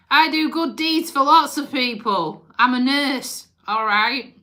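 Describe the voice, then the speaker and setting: A woman chats loosely to her live-stream viewers, joking and swearing as she goes. Her voice sits fairly high and comes across bright and forceful, and she talks at a slow, unhurried pace. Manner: chatty, joking, swears casually. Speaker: livestream host. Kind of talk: casual live-stream chat.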